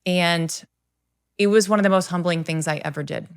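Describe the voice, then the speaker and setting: A middle-aged woman with a fairly low voice talks on a podcast as an interview guest. She tells stories with earnest, animated energy and slips into the voices of the people she quotes. She is a coach who speaks straight to the listener. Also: moderate pace, clear, resonant tone.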